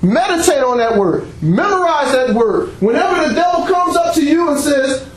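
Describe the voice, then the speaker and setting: High-voiced preacher in a very echoey hall. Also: male voice, normal speed, hardly any pauses. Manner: animated preaching, bursts of shouting and laughter, acts out dialogue. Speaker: pastor. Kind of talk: sermon. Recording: very echoey room, faint background noise.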